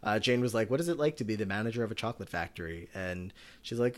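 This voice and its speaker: A man's voice: fairly low pitch, animated, quick pace, hardly any pauses. A man co-hosting a podcast, chatting casually and rambling with lots of filler words. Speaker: podcast co-host. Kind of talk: casual recap chat.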